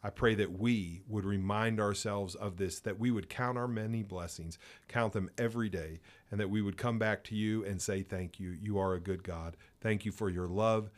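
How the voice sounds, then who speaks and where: A man's voice: on the low side, fairly even intonation, normal speed. A man co-hosting a pastors' podcast, praying aloud and talking about faith in an earnest, emphatic way. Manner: earnest, emphatic, repeats words when stressing a point. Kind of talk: spoken prayer and podcast discussion.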